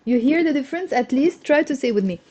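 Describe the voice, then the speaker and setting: A woman teaching Arabic on a live stream, chatty and encouraging, greeting viewers and drilling words slowly. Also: sits high, expressive, warm tone. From Lebanon. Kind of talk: live-streamed language lesson. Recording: dull lo-fi stream audio.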